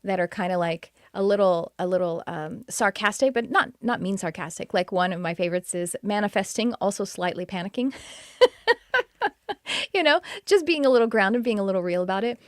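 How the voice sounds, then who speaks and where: A woman's voice: mid-range voice, a little fast, dry recording. Chatty woman, dry sound. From Texas. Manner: chatty, enthusiastic, with frequent restarts and laughs. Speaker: podcast host and spiritual teacher. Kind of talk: casual live-stream chat.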